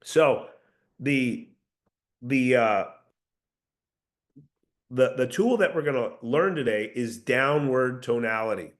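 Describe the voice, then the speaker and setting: A man's voice: mid-range voice, slow, long pauses. A man coaching a sales team in a casual, earnest talk, often restarting his sentences. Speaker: sales trainer.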